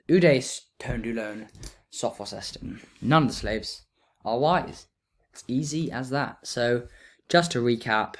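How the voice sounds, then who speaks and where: A man explaining grammar in a relaxed lesson, thinking aloud as he writes notes. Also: medium pitch. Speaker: teacher.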